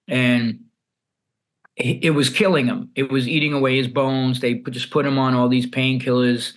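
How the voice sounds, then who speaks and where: A man's voice: medium pitch, fairly even intonation, moderate pace. A man from New York telling a hard personal story as a podcast guest, blunt and full of swearing, restarting his sentences as he goes. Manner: blunt and profane, with frequent restarts. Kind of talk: candid storytelling in conversation.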